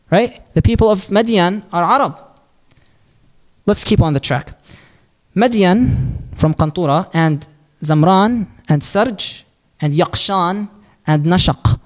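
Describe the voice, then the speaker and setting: A man teaching a religious lesson, explaining step by step and answering his own questions. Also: high voice. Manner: recites Arabic supplication quickly and softly. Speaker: Islamic teacher.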